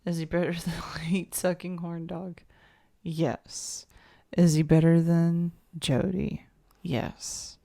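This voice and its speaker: A woman co-hosting a podcast in casual chat, teasing in a dry, deadpan way. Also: fairly low pitch, slow, creaky. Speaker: podcast co-host.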